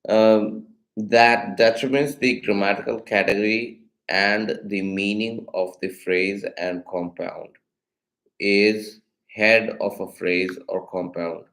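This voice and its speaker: A man's voice: fairly low pitch, steady tone, slow, a bit bright, rough recording. A man studying linguistics who talks hesitantly, with many fillers and restarts. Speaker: student quizzing an AI on linguistics. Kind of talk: casual study session.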